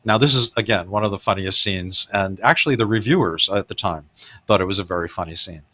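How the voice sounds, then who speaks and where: Man, podcast host, bright voice, laughs while recapping movie scenes. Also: low voice, brisk. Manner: chuckling, animated retelling of gags. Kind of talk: casual film discussion.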